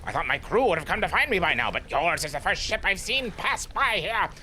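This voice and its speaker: A man's voice: high-pitched, very animated, brisk, bright, forceful tone, a little hiss or hum, full character voice. A man doing a dramatic stranded castaway. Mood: pleading. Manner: theatrical, exclamatory. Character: stranded male castaway sailor, dramatic and desperate. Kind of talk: voicing game characters in a let's play.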